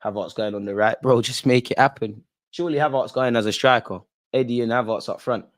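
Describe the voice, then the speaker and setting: A young man hosts a live football watch-along and talks straight to his viewers. He reacts to every moment of play in quick, slangy bursts and keeps pleading with the players. His voice sits at an ordinary middle pitch.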